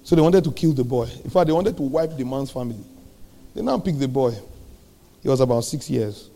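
A man preaching a sermon, animated, throwing rhetorical questions at the congregation and swinging between loud and soft. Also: mid-range voice, fairly quick, gravelly.

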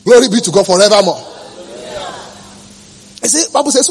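A male pastor preaching a passionate sermon, swinging between quiet remarks and sudden shouts. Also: high voice, lively intonation, normal speed, pauses often, poor audio.

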